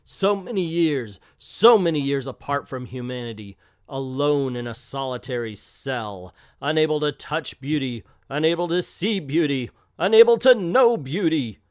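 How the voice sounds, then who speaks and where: A man's voice: medium pitch, lively intonation, a little slow, few pauses, smooth, dry recording, clean studio sound, natural voice. A man voicing a brooding, self-pitying male telepath villain from a comic, reading his lines theatrically in a put-on accent. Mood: brooding, melodramatic.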